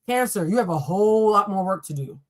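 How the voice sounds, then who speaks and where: A woman's voice: mid-range voice, a little fast. Woman doing a live tarot reading, chatty and blunt, cusses and talks right at her viewers. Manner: animated, talks straight to viewers, swears and laughs often. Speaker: tarot reader.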